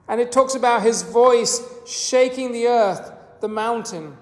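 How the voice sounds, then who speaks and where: A preacher giving a sermon in a measured, earnest teaching manner, with a few small restarts. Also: medium pitch. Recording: echoey hall with long reverb.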